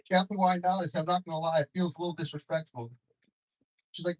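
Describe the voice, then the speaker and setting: A man's voice: sits high, fairly even intonation, quick pace, rough recording. Young man doing stand-up in a club. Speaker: stand-up comedian. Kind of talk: stand-up comedy set. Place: comedy club stage with audience.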